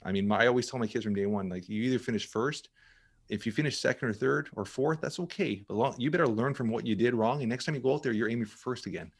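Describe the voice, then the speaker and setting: A man's voice: medium pitch, quick pace, vocal fry, breathy edge. A middle-aged man talking casually as a podcast guest, emphatic and full of restarts and repeated words. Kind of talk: casual interview talk.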